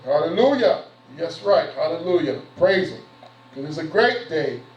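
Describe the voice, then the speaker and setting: A man's voice: a little high, lively intonation, moderate pace. A man, a bishop addressing his church service in a preachy, conversational, repetitive way. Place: church sanctuary. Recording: roomy, distant, dull church recording.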